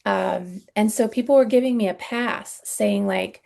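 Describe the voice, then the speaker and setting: An earnest middle-aged woman telling her own story in a podcast interview. Her voice has a gravelly, creaky edge and a middling pitch. She talks haltingly, with soft sighs and many ums. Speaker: guest sharing her story.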